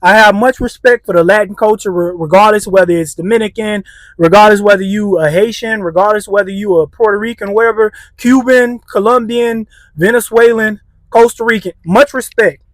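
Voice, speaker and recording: A man's voice: sits high, brisk, no room sound. A man hosting a reaction commentary, blunt and heated, with street slang. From United States. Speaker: commentary channel host.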